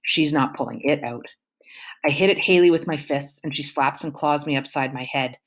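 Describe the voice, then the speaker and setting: A woman reading a first-person novel aloud in an expressive, emotional way. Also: low voice, moderate pace. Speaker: audiobook reader.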